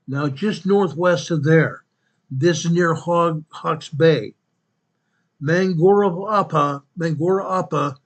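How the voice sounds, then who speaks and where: Male host with a somewhat high voice, walks through a map and reads each quake figure twice, corrects himself on the fly. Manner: corrects himself mid-sentence. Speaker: earthquake report host. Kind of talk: narrating a map-based earthquake update.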